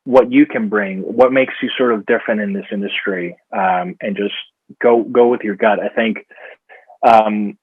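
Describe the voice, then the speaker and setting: A man from Rica, an actor chatting as an interview guest, speaking haltingly with many fillers and restarts. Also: on the low side, fairly even intonation, breathy edge, no echo. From Costa Rica. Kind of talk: casual interview chat. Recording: dull, dry lo-fi sound.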